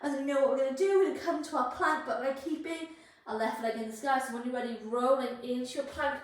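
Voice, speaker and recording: A high-voiced woman guiding a yoga flow, cueing each pose and breath with encouragement. She is out of breath from the effort. Her voice rings through a very echoey room, picked up from a distance. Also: quick pace. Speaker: yoga instructor. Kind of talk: guided yoga class instruction.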